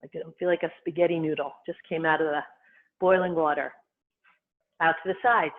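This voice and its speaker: A qigong instructor guiding movement and breathing, giving calm, unhurried cues in short phrases. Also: mid-range voice. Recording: tinny phone-like sound.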